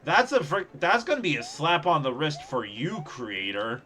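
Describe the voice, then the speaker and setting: Animated young man streaming a game. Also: fairly high pitch. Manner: animated, sarcastic, quick reactions with laughs. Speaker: streamer playing a level contest. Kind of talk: live gameplay commentary.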